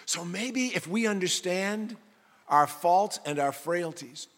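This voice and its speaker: High, bright-voiced preaching man. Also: expressive, slow pace, big-room sound. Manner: emphatic, builds to shouting. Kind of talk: sermon.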